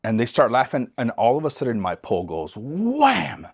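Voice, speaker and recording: A middle-aged man from East Los Angeles, a podcast guest telling a story in a relaxed way, acting out the other people's voices and often restarting his words. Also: medium pitch, normal speed, creaky, breathy edge. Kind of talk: casual storytelling interview.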